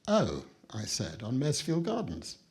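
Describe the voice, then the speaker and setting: Husky British man telling a wry story. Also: mid-range voice, lively intonation, measured pace. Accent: British English. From Britain. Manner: wry, storytelling with dry understatement. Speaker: guest speaker at an exhibition opening. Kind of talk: anecdotal speech to an audience. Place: museum building, speaking to an audience.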